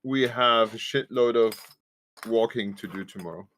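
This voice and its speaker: A man's voice: medium pitch, normal speed, a bit bright. A man from Germany chatting as a guest, giving brief replies. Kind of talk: casual chat.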